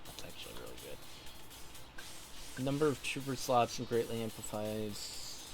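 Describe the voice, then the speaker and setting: A man's voice: medium pitch, sing-song, moderate pace, over music. A man streaming a game, thinking aloud in casual, mumbly commentary.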